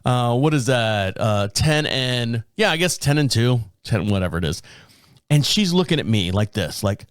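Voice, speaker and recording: Profane, animated middle-aged podcast host. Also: male voice, mid-range voice, moderate pace, smooth, dry recording, studio quality. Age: around 50. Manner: profane, animated, self-mocking anecdote telling. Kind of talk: casual storytelling.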